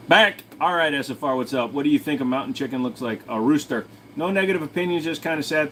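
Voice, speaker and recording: A man's voice: mid-range voice, a little hiss or hum. Casual, joking man reading chat questions. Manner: rambling, crude jokes, loose and joking. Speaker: channel host answering viewer questions.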